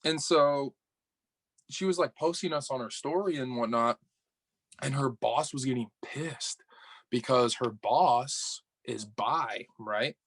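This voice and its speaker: A young man from upstate New York, a podcast guest telling a dating story in casual chat, animated and swearing, acting out the dialogue. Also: medium pitch, takes it slowly, slightly rough, no room sound.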